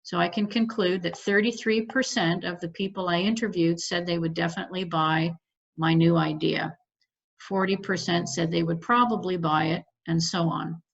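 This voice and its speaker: A woman's voice: lowish voice, steady tone, normal speed, creaky. A woman teacher walking students through an assignment step by step, patient and methodical, firm about showing their work. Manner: firm about marking rules. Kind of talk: recorded class lecture with screen share. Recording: muffled lo-fi audio.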